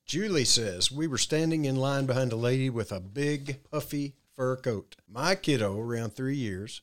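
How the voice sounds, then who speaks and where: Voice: medium pitch, moderate pace. A co-host on a casual podcast, reading listener stories aloud.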